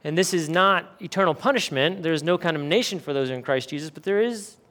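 A male pastor delivers a sermon in an emphatic, earnest manner. His voice sits a little high for a man, and he drives his points home with rhetorical questions. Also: brisk, fairly bright tone.

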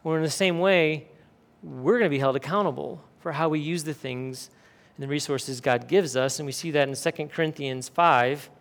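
A male pastor preaches a sermon at normal speed, emphatic and earnest, using rhetorical questions to drive his points home. His gravelly voice sits a little high for a man and sounds a bit bright.

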